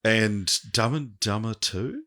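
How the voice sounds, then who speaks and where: Bright-voiced man reading quiz clues. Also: on the low side. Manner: reads clues slowly, laughs often. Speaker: podcast co-host, quizmaster. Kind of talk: casual podcast chat.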